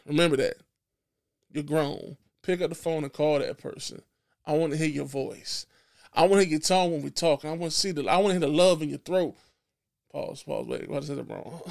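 A man's voice: a little high, vocal fry. A man talking bluntly and profanely in casual podcast chat, emphatic and preachy, restarting his phrases often. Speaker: podcast guest.

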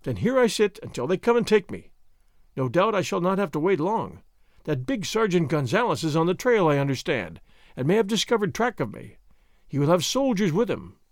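A man voicing a dashing, gallant masked highwayman who speaks in flowery, bold phrases. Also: sing-song, brisk, no room sound, studio quality. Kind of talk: audiobook character voice.

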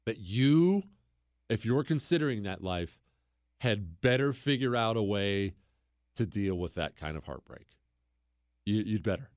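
A man hosting a radio talk show, telling a story in an animated, joking way and teasing his co-host. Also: mid-range voice, dry recording, studio quality.

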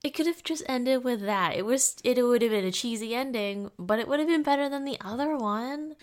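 A woman's voice: fairly high pitch, a little fast. A woman co-hosting a casual movie podcast who laughs often and says "like" a lot. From Boston area. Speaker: podcast co-host.

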